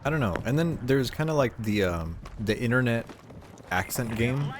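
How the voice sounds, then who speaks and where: A man's voice: medium pitch, animated, normal speed, music in the background. A young American man chatting casually on a game stream, rambling with lots of fillers and swearing. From United States. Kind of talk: casual gaming stream chat. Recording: game gunfire loud behind voice. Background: gunfire and game sounds.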